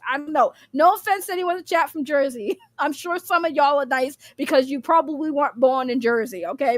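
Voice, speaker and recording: A woman's voice: sits high, dry recording, clean studio sound. A young woman, rambling bluntly in casual livestream commentary, laughing often and swearing freely.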